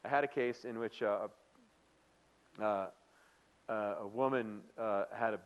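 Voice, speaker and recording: A man's voice: lowish voice, fairly even intonation, a little slow, clear, resonant tone, highs cut off. A man giving a live workplace training lecture, chatty and playful, often quizzing the audience with questions. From United States. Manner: playful, acts out quoted remarks.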